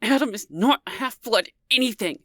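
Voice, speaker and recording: A man's voice: high voice, expressive, slow, a little mellow, breathy edge, pitched above the performer's own voice, exaggerated voice. A man voicing a desperate, distraught mother who pleads tearfully, as an audiobook character. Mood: frantic.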